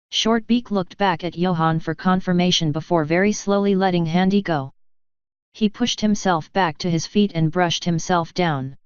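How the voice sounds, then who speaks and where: A woman reading fanfiction aloud in a steady storytelling manner, in a dull lo-fi recording. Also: on the low side, normal speed, clear, resonant tone, no echo. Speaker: story reader. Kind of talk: fanfiction read-aloud narration.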